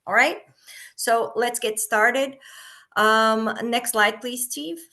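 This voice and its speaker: A woman's voice: fairly high pitch, takes it slowly, pushed and bright. A woman, a research funding program manager, presenting a webinar and explaining things step by step with frequent "um" fillers. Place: remote webinar.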